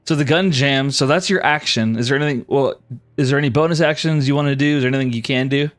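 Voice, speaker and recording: A man narrating as game master, easygoing and quick to apologize. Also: medium pitch, soft background music. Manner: lively, apologetic, laughs easily.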